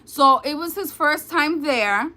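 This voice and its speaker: A woman's voice: high voice, lively intonation, takes it slowly, pushed and bright. A woman in her thirties from New York with a New York accent, chatting casually with viewers on a livestream and telling stories. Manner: chatty, storytelling, addresses viewers as y'all. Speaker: livestream host.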